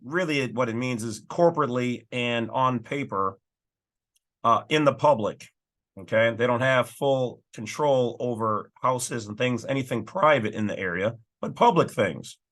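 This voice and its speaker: A man's voice: medium pitch, normal speed, fairly bright tone. A man hosting his own channel, casually talking through and reading legal documents with folksy, emphatic asides. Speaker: channel host.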